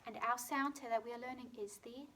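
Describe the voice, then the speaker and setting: A woman with a British accent teaching a phonics lesson to young children, sounding out words clearly and slowly. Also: a little high, steady tone, slight background noise. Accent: British English. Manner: slow, clearly sounded-out words with bright emphasis. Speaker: primary school teacher.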